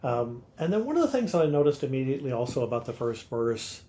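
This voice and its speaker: A man's voice: medium pitch, very animated, fast talker, dark tone. An older man co-hosting a podcast, explaining poetic meter in a teacherly way and tapping out rhythms as he recites verse. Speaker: podcast co-host, literature scholar. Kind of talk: casual explanatory chat.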